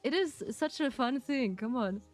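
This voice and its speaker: Slow, playful German-accented woman. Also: high voice, animated, darkish tone, soft background music. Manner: playful and teasing, laughs often. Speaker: streamer. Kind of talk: casual chat with viewers.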